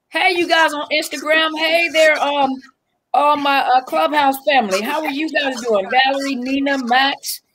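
A Southern woman talks to her livestream viewers in a relaxed, chatty way, greeting people by name and filling pauses with ums. Her voice sits on the higher side, and a faint hiss runs under the webcam recording. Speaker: livestream host and coach. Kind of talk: casual livestream chat.

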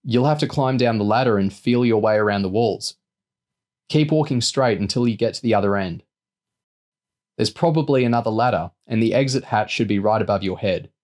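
A blunt, streetwise boy in a storybook reading, giving firm, matter-of-fact directions in a man's own low voice. Little is changed from the narrator's tone. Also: fairly quick, a little mellow, natural voice.

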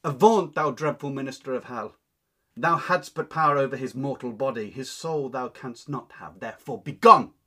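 A man's voice: medium pitch, very animated, moderate pace, husky. A man reading the lines of a grieving noblewoman who curses her enemy, declaiming the verse with rising force. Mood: defiant. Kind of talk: dramatic reading of a play.

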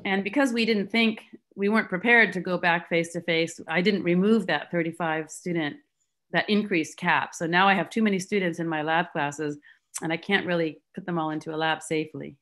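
A biology instructor speaking frankly in a staff meeting over a video call. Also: female voice, fairly low pitch, steady tone, fairly quick, a bit bright. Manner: frank, conversational. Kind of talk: online staff meeting discussion.

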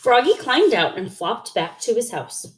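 Animated woman reading a picture book. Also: fairly high pitch, a little slow. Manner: expressive, animated, with sound effects. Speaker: storyteller. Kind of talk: children's picture book read-aloud.

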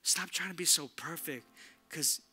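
A man's voice: fairly high pitch, moderate pace, pushed and bright, breathy edge. A male pastor preaching a sermon in a casual, slangy, emphatic way, often repeating "look" to drive a point home. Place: church.

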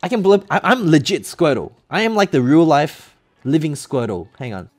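Tipsy male streamer, loud and jokey, very animated pitch, faint music behind. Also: normal speed. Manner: loud, joking, laughing often. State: tipsy from drinking. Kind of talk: casual live-stream chat.

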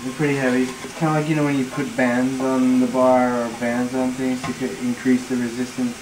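A man's voice: medium pitch, little pitch movement, brisk, background noise. A young man explaining his workout in casual chat, laid-back and giving short answers. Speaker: friend of the vlogger.

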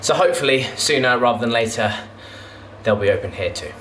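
A man's voice: medium pitch, lively intonation, a little fast. A young man, a fitness vlogger, chatting casually and rambling between sets in his home garage gym, often correcting himself. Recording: echoey garage with loud background noise.

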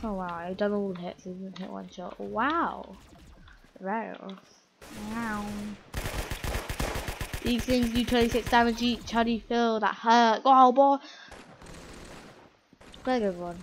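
Chatty woman over loud game gunfire. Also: medium pitch, takes it slowly, creaky, pauses often, noisy background. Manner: rambling, self-mocking chatter to opponents. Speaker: gameplay commentator. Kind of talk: casual game commentary. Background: game gunfire and sound effects.

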